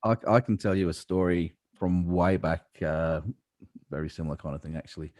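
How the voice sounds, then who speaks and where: Deep-voiced man telling a story. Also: a little fast, a little mellow, dry recording, clean studio sound. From Western Australia. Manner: rambling anecdotal telling with many fillers. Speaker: podcast host. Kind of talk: casual storytelling chat.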